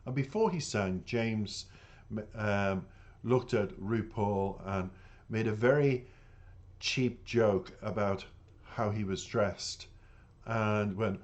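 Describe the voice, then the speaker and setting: A man's voice: on the low side, takes it slowly, dull audio. An Irish man hosting a reaction channel, talking earnestly and indignantly to his viewers and calling them "dears". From Ireland. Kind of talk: casual monologue to viewers.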